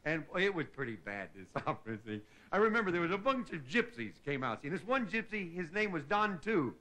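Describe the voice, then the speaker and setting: A man's voice: fairly high pitch, big pitch swings, brisk, bright, forceful tone. A middle-aged man from Indiana, a comedian hosting his show, telling a stand-up story in a folksy way and tagging his lines with "see?". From Indiana, USA. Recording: noisy 1960s TV broadcast recording.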